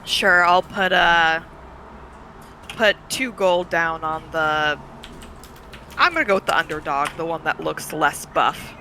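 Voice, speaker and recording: A tabletop player with a bright, sharp voice, tossing off quick and playful answers. There is a faint hiss of noise behind the voice. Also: medium pitch, low-quality recording. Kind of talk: casual chat in a tabletop game.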